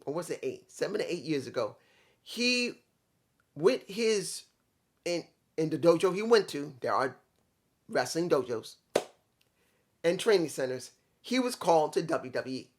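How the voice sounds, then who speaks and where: A man's voice: fairly high pitch, sing-song, unhurried, long pauses. A man reviewing a wrestling show in a casual, rambling way, with some swearing and restarts.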